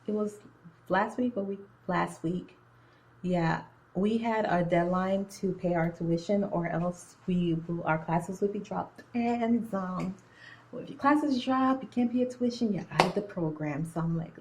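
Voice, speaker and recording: A young woman with a slightly low voice tells a story casually to her phone camera. She talks in a chatty, slangy way and slips in and out of an accent. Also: a little slow, slight background noise, poor audio. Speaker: nursing student. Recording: phone-recorded video.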